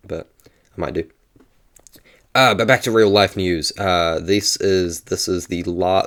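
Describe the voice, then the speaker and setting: A young man with a New Zealand accent chatting casually in a vlog, rambling and often correcting himself. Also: low-pitched. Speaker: YouTuber.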